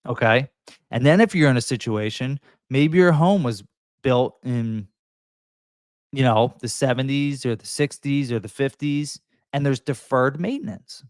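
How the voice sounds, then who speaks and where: Emphatic real estate agent. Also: male voice, medium pitch, measured pace, no echo, clean studio sound. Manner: emphatic, coaching tone, acts out buyers and sellers. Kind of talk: direct-to-camera advice talk.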